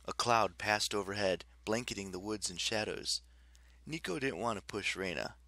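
A man narrating a fantasy novel as an audiobook in a steady storytelling delivery. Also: lowish voice, moderate pace, no room sound.

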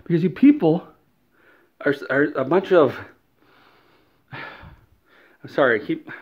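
Comic male ranter, high and swooping voice, slightly dull lo-fi sound, mock-outrage. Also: animated, takes it slowly. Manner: mock-outraged, exaggerated whiny ranting. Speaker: comedy video creator. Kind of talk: satirical rant to camera.

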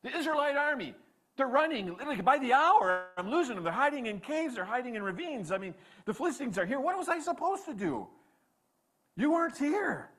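A man voicing a defensive, indignant king who rants loud, exasperated excuses. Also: sing-song, a little fast, soft background music, exaggerated voice. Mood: pleading excuses. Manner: loud, high-pitched, exasperated ranting.

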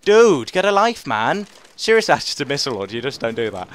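A young man commentating his own gameplay, excitable and self-mocking, repeating phrases and yelping when he gets killed. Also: mid-range voice, fast talker. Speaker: gaming commentator.

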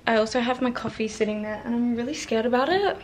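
A woman's voice: fairly high pitch, quick pace, echoey room, slight background noise. A young woman vlogging from her bedroom, rambling candidly with lots of "like", recorded on a tripod camera. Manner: rambling and candid, heavy use of "like". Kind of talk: casual chatty vlog. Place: bedroom at home.

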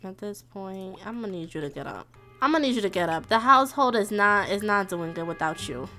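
Animated young woman chatting over a game. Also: medium pitch, a little fast, faint music behind. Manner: chatty, exclaims and yells at the game characters. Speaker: gaming streamer. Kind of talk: casual let's-play commentary.

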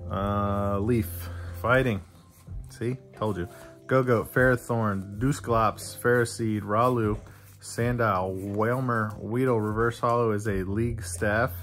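Give me a low-voiced middle-aged man chatting casually through a card unboxing, with music playing behind. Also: a bit bright. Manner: chatty, reads card names aloud in lists.

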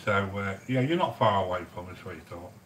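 Deep, expressive and fairly quick, this man's voice has a fairly bright tone, though the recording is low quality with slight background noise. The middle-aged man makes a curry live, chatting in a friendly, matey way and calling his viewers sweetheart.

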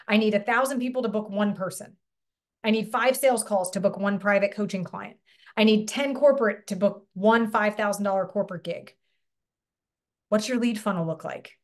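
Speaking at a moderate pace in a mid-range voice, a middle-aged woman who works as a business coach leads a relaxed, talkative live lesson online. She keeps asking her audience questions and lets mild swear words slip.

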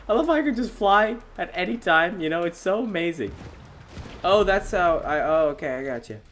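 A young man giving excitable, self-mocking gameplay commentary as a gaming YouTuber, often laughing at himself. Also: a little high, normal speed.

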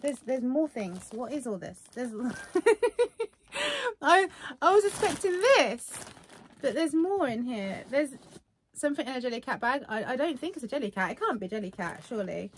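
A woman vlogging casually while unboxing gifts, gushing and excitable. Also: a little high, fairly quick, a little hiss or hum. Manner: gushing and excitable, many fillers.

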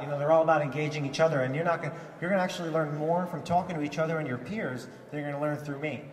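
A man's voice: a little high, racing. A man giving an enthusiastic conference keynote, often restarting and repeating words. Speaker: keynote speaker. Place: large conference hall. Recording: echoey hall from far off.

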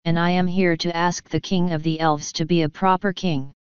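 A young witch girl holds her ground with firm, defiant words, as a woman reads her part. The voice is low and very smooth, with a dry, slightly dull sound. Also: level tone, normal speed, no echo, lightly acted.

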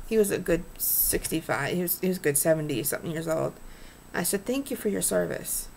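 A woman's voice: on the low side, expressive, fairly quick, gravelly, a little mellow, a little hiss or hum. A middle-aged woman vlogging in an earnest, rambling, preachy way. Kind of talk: casual heartfelt vlog rant.

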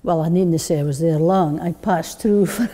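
A woman's voice: low-pitched, moderate pace, dark tone. A woman with a northeast Scottish accent, chatting casually as an interviewed poet, laughing easily and using Scots words. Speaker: poet and guest. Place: arts centre. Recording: long reverb of a large hall.

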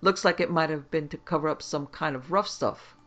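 A man voicing a gruff, suspicious small-town constable around forty who barks blunt questions in rustic grammar. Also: on the high side, fairly quick, bright, forceful tone. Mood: gruff questioning.

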